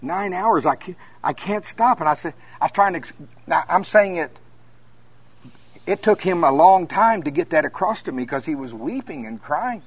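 A minister preaching at a conference, telling folksy stories that climb to emphatic peaks. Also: male voice, on the high side, expressive, normal speed, slightly rough. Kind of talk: conference sermon.

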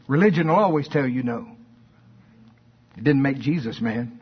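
A man's voice: mid-range voice, animated, normal speed, breathy edge. A man preaching a fervent sermon and reading scripture aloud, in a dull lo-fi recording.

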